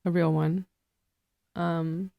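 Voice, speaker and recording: A woman's voice: fairly low pitch, flat delivery, very slow, vocal fry, dull audio. A woman co-hosting a podcast in casual comedic chat, laughing easily. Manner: laughing, easygoing. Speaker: podcast co-host.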